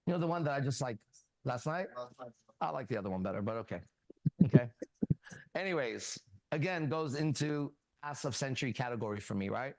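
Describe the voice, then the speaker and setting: A man hosting a casual talk show, coaching a younger man bluntly and profanely and telling animated stories with quoted dialogue. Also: mid-range voice, a little fast, no room sound. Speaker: host. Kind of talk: casual advice talk and storytelling.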